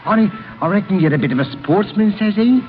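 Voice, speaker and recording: A man's voice: sits high, expressive, a little fast, faint music behind. A cheeky cockney-style milkman. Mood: chatty. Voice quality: rough working-class speech. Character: cheeky working-class London milkman, chatty. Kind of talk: 1930s radio drama rehearsal. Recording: tinny lo-fi old radio tape.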